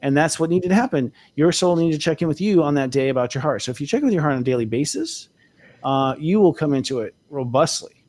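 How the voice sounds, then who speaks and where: Fast-talking man, candid and animated. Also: fairly high pitch. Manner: candid, animated, laughs often. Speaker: co-host, astrologer. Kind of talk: casual spiritual talk show chat.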